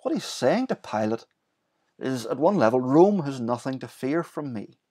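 A man preaching a sermon, explaining the scripture passage in a lively way and voicing the quoted lines. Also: mid-range voice, moderate pace.

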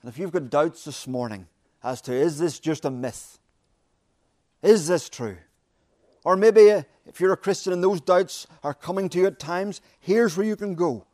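A man preaching a sermon, with dramatic pauses and emphatic repetition. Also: a little high, darkish tone, dry recording, clean studio sound.

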